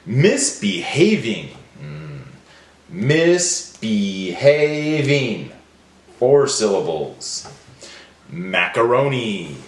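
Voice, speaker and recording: Male teacher, deliberate drill delivery, very slow with a lively pitch, roomy sound. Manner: slow, drawn-out, deliberate enunciation. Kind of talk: phonemic awareness drill.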